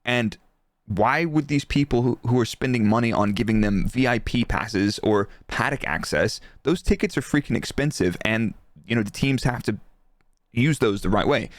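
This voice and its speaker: A man co-hosting a casual podcast, relaxed and chatty, laughing easily. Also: medium pitch, moderate pace, no echo. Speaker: podcast co-host, former F1 engineer.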